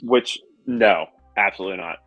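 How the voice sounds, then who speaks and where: A man in his thirties co-hosting a sports podcast in relaxed casual chat. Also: lowish voice, normal speed, faint music behind. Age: 30s. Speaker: podcast co-host.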